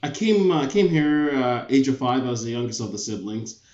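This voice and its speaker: A man's voice: mid-range voice, animated, a little fast, a crowd in the background. Canadian man in an echoey room. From born in England, raised in Toronto, Canada. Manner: reflective storyteller, frequent restarts. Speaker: guest, retired police officer. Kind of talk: casual interview talk. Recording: echoey, dull remote audio.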